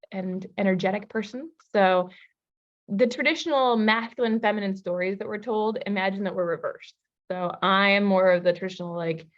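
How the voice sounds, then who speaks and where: A woman relationship coach teaching a masterclass, telling personal stories in a lively, casual way. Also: medium pitch, highs cut off. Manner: lively storytelling, casual fillers.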